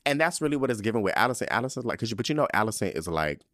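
A man hosting a podcast, recapping a TV episode in animated, profane, slang-heavy casual commentary. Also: medium pitch, racing, no echo, studio quality. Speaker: podcast host.

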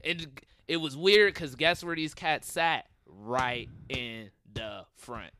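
A man's voice: a little high, slow pace, slight background noise. A man telling a comedy story in casual chat, laughing often and acting out the people he quotes. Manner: animated, laughing, acts out quotes in shifting voices. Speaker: comedian guest.

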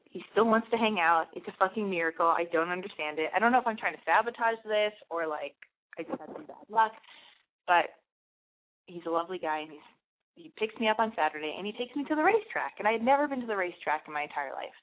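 A woman's voice: mid-range voice, lively intonation, fast talker. A young woman hosting a podcast, rambling through a candid personal story with lots of "like" and fillers. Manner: rambling, confessional, heavy use of "like". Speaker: podcast host. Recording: phone-like narrow band.

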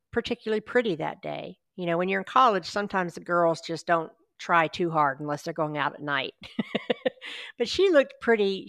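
A woman guest, a paranormal investigator, chatting in a relaxed interview and telling personal stories with easy laughs. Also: lowish voice, creaky, no room sound, clean studio sound. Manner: chatty, anecdotal storyteller who laughs along. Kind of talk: casual storytelling interview.

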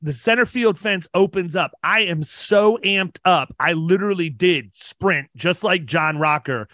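A man's voice: sits high, unhurried, bright, forceful tone, dry recording. A man of around fifty, an insurance business owner, telling casual stories on a podcast with energy, often repeating words and laughing.

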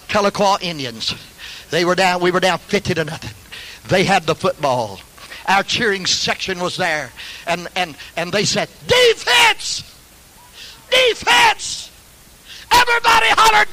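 Fervent older preacher with drawl. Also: male voice, sits high, slight background noise, rough recording. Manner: fervent, shouts hallelujahs, rises to shouting peaks. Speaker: pastor. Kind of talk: sermon.

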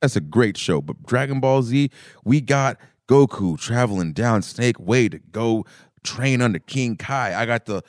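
A man's voice: medium pitch, animated, measured pace, no echo, studio quality. Playful man co-hosting a podcast. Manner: playful, laughing teasing. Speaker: podcast co-host. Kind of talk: casual chat.

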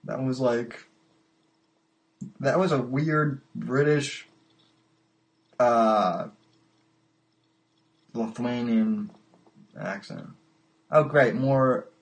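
A man hosting a casual livestreamed call-in podcast, talking in a halting way and repeating his words. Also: medium pitch. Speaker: podcast host.

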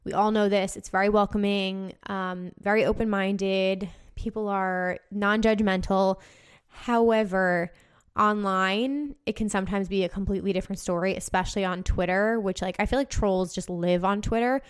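A woman's voice: mid-range voice, fairly even intonation, normal speed, smooth. A woman hosting a casual talk show, speaking passionately, swearing freely and filling her talk with "like". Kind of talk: casual monologue.

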